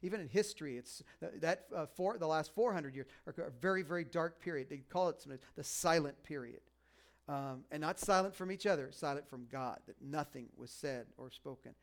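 A man's voice: fairly high pitch, fairly quick. A man preaching a sermon with self-deprecating humor, acting out the lines he quotes. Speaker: pastor.

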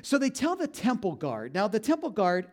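A man preaching a conversational sermon, retelling a story with lively animation and speaking straight to his congregation. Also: high voice, normal speed. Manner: animated, talks straight to the congregation, frequent "you know". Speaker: pastor.

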